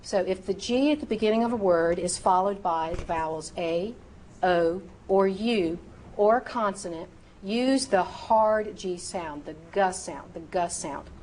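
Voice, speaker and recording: A woman teaching medical terminology in a recorded lecture, sounding out each term slowly and precisely. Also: medium pitch, darkish tone, slight background noise. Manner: slow, precise enunciation of terms.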